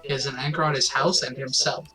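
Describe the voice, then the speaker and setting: A man's voice: mid-range voice, flat delivery, fast talker, a crowd in the background, low-quality recording. A man hosting a let's play, reading the game's narration aloud and joking with his co-host, with game music behind.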